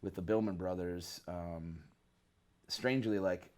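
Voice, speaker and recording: A man from northern Michigan, a bass player guesting on an interview, telling rambling stories in a laid-back, slangy way. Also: steady tone, a little slow, darkish tone. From northern Michigan, USA. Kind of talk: casual storytelling interview.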